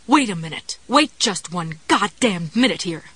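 A woman's voice: lowish voice, normal speed, dry recording, lightly acted, poor audio. A woman reading an audiobook, voicing a blunt, furious inner voice of a woman that interrogates and accuses. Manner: angry, sharp, interrogating.

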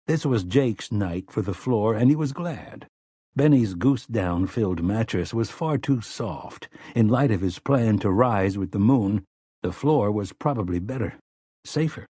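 A man narrating an audiobook in a measured, even storytelling manner. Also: on the low side, breathy edge, dry recording, studio quality. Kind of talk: scripted narration.

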